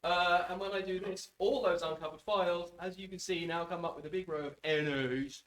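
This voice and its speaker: A man's voice: high voice, steady tone, a little fast, fairly bright tone, roomy sound, low-quality recording. Dry-humored man giving a conference talk. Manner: dry self-deprecating humor, many ums. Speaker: conference speaker. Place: conference hall.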